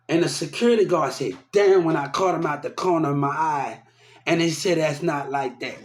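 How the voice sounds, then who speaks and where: A man ranting heatedly about his mistreatment, repeating himself and quoting what others told him. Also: a little high. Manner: repetitive, aggrieved, quoting others. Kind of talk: heated personal rant. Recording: echoey room.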